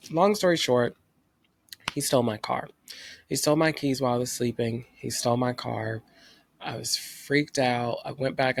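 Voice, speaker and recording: A man's voice: mid-range voice, vocal fry. A young man from North Carolina telling a personal story as a vlogger, animatedly acting out his own past thoughts.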